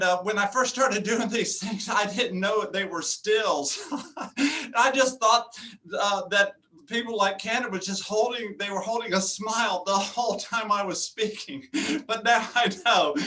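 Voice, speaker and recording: A man in his fifties giving an energetic, joking motivational talk over a video call, laughing often. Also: high-pitched. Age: 50s. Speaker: motivational speaker.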